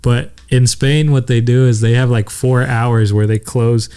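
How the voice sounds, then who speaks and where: A young man chatting easily on a podcast, spinning a travel story. He slips into other people's voices as he quotes them. His voice sits at an ordinary middle pitch. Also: fairly even intonation, measured pace, warm tone, smooth. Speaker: podcast co-host. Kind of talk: casual chat.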